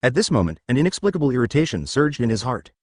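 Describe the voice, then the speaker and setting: Brisk male story narrator. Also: mid-range voice, big pitch swings, husky, dry recording, studio quality.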